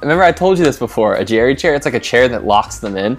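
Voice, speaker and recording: A man's voice: medium pitch, quick pace, soft background music. A man in casual podcast chat, telling stories and breaking into laughing impressions. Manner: storytelling with animated, laughing impressions. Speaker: podcast co-host. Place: hospital cleaner.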